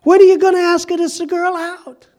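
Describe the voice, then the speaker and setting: A man's voice: extremely high pitch, level tone, moderate pace, a little mellow, voice pushed up. A pastor voicing a pushy older Italian woman who plays matchmaker, with a put-on Italian accent and a nagging, teasing manner.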